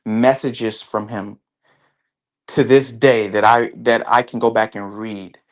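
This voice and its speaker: A man speaking as an interview guest in casual conversation, halting often and restarting his sentences. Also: on the low side, little pitch movement. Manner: halting, with many restarts and fillers.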